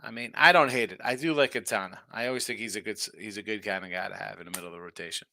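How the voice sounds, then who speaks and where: A man hosting a sports betting show, chatting casually and reacting to viewer comments in a lively, tired-but-animated way. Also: fairly low pitch, rapid-fire, gravelly, dry recording, clean studio sound. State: tired, yawning. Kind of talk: casual betting talk reading chat.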